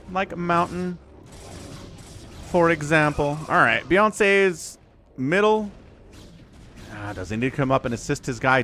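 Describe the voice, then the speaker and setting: A man's voice: fairly high pitch, sing-song, unhurried, pauses often, pushed and bright, a little hiss or hum. An American man giving casual, joking livestream commentary on a strategy game and chatting with viewers. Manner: chatty, joking, reads chat aloud.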